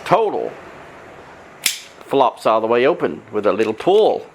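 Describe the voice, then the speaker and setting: A man's voice: medium pitch, big pitch swings, unhurried, noisy background. A man hosting a tool review channel, talking in a casual, rambling, crude joking way.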